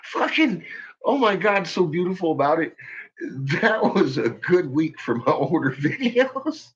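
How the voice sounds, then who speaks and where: Male streamer, husky voice, unhurried rambling chat full of giggles and profanity. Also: high-pitched, very animated, highs cut off. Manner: laughs constantly, heavy swearing. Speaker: livestream host. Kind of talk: rambling casual chat to viewers.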